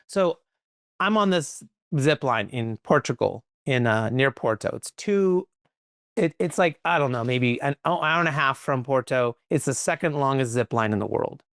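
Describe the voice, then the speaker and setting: A man, a podcast guest, telling stories in a lively conversational way, full of "like" and "right?". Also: mid-range voice, no room sound, studio quality. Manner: animated, quick, peppered with "like" and "right?". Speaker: podcast guest, company leader. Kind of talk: conversational storytelling.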